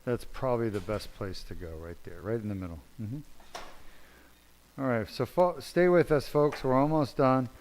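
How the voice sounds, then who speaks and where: A male surgeon talks through a live operation, chatty and a little self-deprecating, with a voice of average pitch. Faint room noise hangs behind him in the operating room. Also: moderate pace, a little mellow. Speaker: spine surgeon. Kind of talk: live narrated surgery stream.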